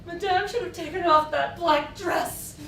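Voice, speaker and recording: A bitter, scheming maid, mocks and menaces in a high, unhurried voice. She sounds theatrical and cruel. The recording catches an echoey stage from a distance, with faint hiss. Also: fairly bright tone, full character voice. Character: Solange, a bitter scheming maid, adult woman. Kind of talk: stage acting. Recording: echoey stage from far off, light noise.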